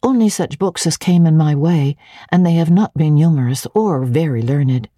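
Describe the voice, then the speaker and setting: A woman voicing an earnest eighteen-year-old governess who answers quietly and plainly. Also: low voice, expressive, moderate pace, no room sound, clean studio sound, voice pushed up.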